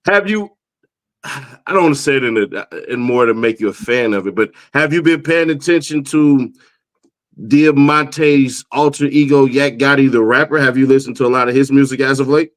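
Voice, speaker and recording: A man hosts a relaxed interview show, his voice at an ordinary middle pitch. He asks playful, teasing questions and often stumbles and restarts at the start of his sentences. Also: normal speed. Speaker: show host. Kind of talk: casual interview chat.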